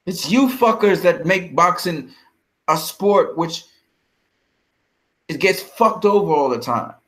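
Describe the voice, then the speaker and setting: A fired-up man with a slightly higher-pitched voice, swearing hard as he rants about a fight. He talks confrontationally, hurling insults and firing off questions at his critics in blunt commentary. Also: lively intonation, slow pace, fairly bright tone. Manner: heated, profane, confrontational. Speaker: boxing vlogger.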